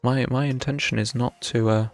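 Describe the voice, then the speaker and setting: Young man, gravelly casual streamer. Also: medium pitch, fairly even intonation, moderate pace, dry recording, faint music behind. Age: young adult. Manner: chatty, thinks aloud while playing, wry self-mockery. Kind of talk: casual live gameplay commentary.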